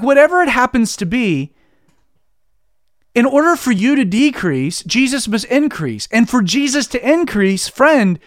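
A Christian preacher gives a casual devotional teaching in a very high voice, recorded dry with studio quality. He talks conversationally, leans heavily on "like," and restarts often.

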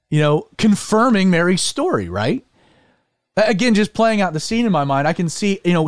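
High-voiced man talking animatedly. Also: dry recording, clean studio sound. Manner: animated, with many fillers and restarts. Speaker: podcast host. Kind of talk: casual religious discussion.

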